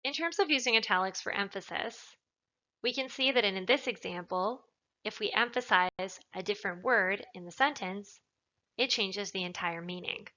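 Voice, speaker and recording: A woman talks through a writing lesson in a crisp, bright voice, stressing the words that matter. The recording is a little dull and lo-fi. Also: medium pitch, moderate pace. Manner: clear, explanatory, leans on stressed words. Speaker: writing tutor. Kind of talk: recorded lecture narration.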